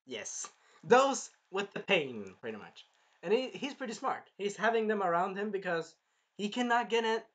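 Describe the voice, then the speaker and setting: Bright-voiced rambling, swearing anime reviewer. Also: mid-range voice, very animated, moderate pace. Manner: rambling, profane, jumps into loud impressions of characters. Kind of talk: casual spoken review.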